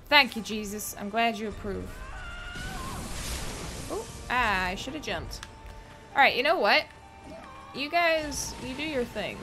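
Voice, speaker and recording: A woman's voice: fairly high pitch, expressive, measured pace, pauses often, over music. A woman streaming a game, chatting playfully with viewers and swearing now and then, with an accent between British and American. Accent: mixed British and American. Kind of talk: casual gameplay commentary.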